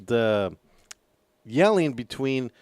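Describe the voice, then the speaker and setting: A man's voice: mid-range voice, big pitch swings, very slow, darkish tone, no room sound. A man hosting a radio talk show, methodically steering the conversation and repeating words as he builds a point.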